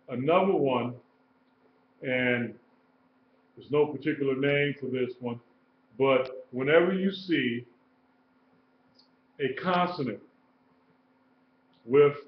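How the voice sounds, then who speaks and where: A man teaching a live-streamed lesson, slow and patient, repeating sounds and letters. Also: medium pitch. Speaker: Hebrew teacher. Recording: roomy, dull live-stream audio with faint noise.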